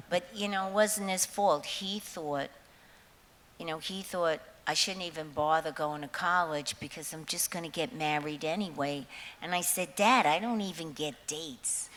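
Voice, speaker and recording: A woman's voice: deep voice, fairly even intonation, moderate pace, a bit bright. A woman in her seventies telling rambling stories to a concert audience. She laughs often and swears freely. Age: 70s. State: nervous before going on. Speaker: singer addressing a concert audience. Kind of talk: rambling onstage storytelling. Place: large concert hall with an audience. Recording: echoey hall with faint hiss.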